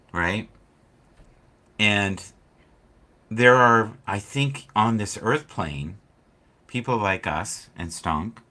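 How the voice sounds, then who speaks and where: Man, low voice, bright tone, casual spiritual chat host, animated storytelling. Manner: storytelling, acts out quotes with big swings in loudness. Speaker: livestream host.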